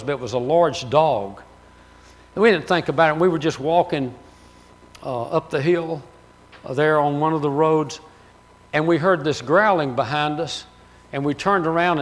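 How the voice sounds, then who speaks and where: A man preaching a sermon as pastor, telling stories with laughter and loud exclamations. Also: on the high side. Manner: storytelling, laughs at his own stories, rises to loud exclamations.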